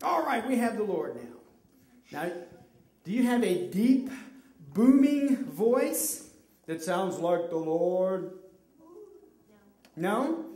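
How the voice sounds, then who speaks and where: A children's ministry leader directing a Bible skit with kids, cheering them on and feeding them their lines. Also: medium pitch. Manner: lively, cheering, coaching kids line by line. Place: church children's room. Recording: roomy hall sound, mic at a distance.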